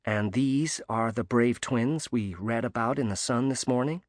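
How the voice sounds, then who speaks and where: A man voicing a cheery young American woman athlete with an American accent, gracious and gently emphatic, in an audiobook reading. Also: mid-range voice, a little slow, no echo, studio quality, close to an everyday voice.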